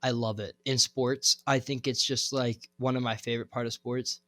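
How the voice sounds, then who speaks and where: A man's voice: medium pitch, normal speed, dry recording. Casual young man telling stories. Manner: relaxed storytelling, lots of fillers and swearing. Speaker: podcast co-host. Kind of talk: casual chat.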